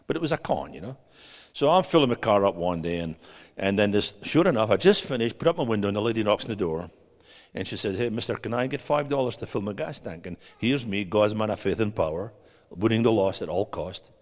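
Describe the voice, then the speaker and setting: A man preaching a sermon as a guest preacher, animated, swinging between loud and hushed and putting questions to the audience. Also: lowish voice, a little fast. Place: church hall. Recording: long hall reverb.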